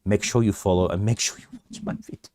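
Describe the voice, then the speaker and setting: A man's voice: lowish voice, fast, darkish tone. A man hosting a casual crypto livestream, bantering with his viewers, laughing often and restarting his sentences.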